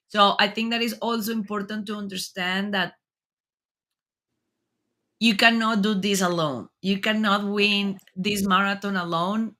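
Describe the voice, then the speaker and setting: Bright-voiced woman hosting an interview. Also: medium pitch. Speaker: talk show host. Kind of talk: earnest conversational interview.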